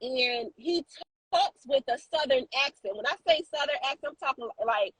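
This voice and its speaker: A woman co-hosting a casual podcast, telling a story in an animated way with lots of fillers and restarts. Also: high-pitched, normal speed, no echo, low-quality recording. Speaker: co-host.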